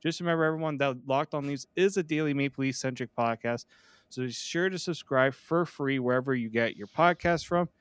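A man's voice: medium pitch, brisk, smooth, dry recording. A man hosting a daily hockey podcast, chatting casually and joking with his co-host. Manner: chatty, jokey, self-deprecating. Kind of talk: casual sports podcast chat.

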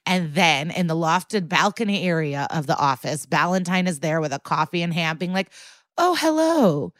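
Lady podcast host recapping a tv episode, lowish voice, rambly and chatty, swears a lot, super dry close mic. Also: moderate pace, a bit bright, dry recording. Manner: chatty, swears freely, heavy use of "like".

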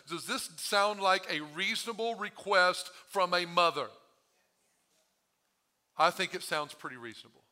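A man preaches to his congregation in a bright, cutting voice that is a little higher than most. His voice is strained and hoarse from overuse. He keeps the sermon conversational, throwing questions at the room and then building to loud, dramatic quotes. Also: animated, normal speed. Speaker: pastor. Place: church sanctuary.

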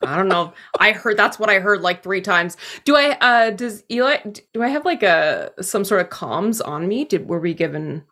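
A woman taking part as a player in a tabletop game, asking quick questions and laughing easily. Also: medium pitch, lively intonation, bright, forceful tone.

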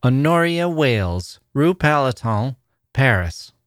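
Story reading: man playing a polite little girl, raised pitch, eager and chattering. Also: sing-song, slow, dry recording, clean studio sound. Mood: earnest.

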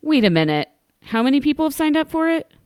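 A woman co-hosting a podcast in casual chat, animated, laughing often, with sarcastic asides. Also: sits high, fast, dry recording, studio quality. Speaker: podcast co-host.

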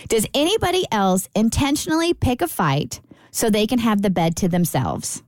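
Woman, radio co-host, lively pitch, dry sound, reads letters aloud. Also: normal speed, dry recording. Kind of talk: reading a listener letter on radio.

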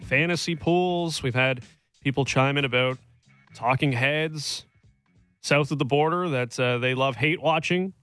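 A man's voice: medium pitch, fairly even intonation, normal speed, fairly bright tone, clear, resonant tone, no echo, faint music behind. A man hosting a sports radio show, chatting casually with many fillers and asides. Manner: rambling, filler-heavy, jokey.

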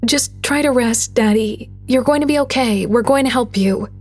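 A woman's voice: fairly high pitch, moderate pace, slightly rough, faint music behind, pitched above the performer's own voice. A woman voicing a scared, pleading young girl. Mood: tearful, soothing. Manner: urgent, pleading.

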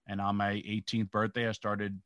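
A middle-aged man from New York with a fairly low voice tells long, rambling stories about his start in wrestling, slipping into the voices of the people he quotes. The sound is dry and close, with no room around it. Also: completely flat delivery, moderate pace, a bit bright, no echo. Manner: rambling anecdotal, acts out quotes. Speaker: guest, former pro wrestler. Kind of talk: casual storytelling interview.

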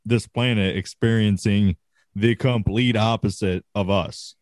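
Laid-back profane man, low voice. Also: steady tone, measured pace, a little mellow, no echo, clean studio sound. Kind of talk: casual chat.

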